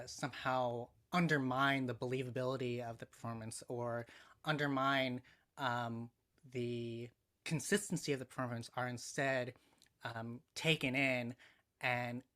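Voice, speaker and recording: A man's voice: medium pitch, fairly even intonation, slow pace, long pauses, sharp tone. A man in casual podcast talk as a guest writer, thoughtful and hesitant, with many fillers.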